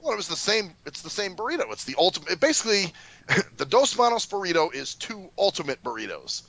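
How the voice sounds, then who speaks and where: Bright-voiced man, blunt casual chat. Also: high-pitched, very animated, fast, no echo, poor audio. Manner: blunt, says "dude" often. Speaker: radio show co-host.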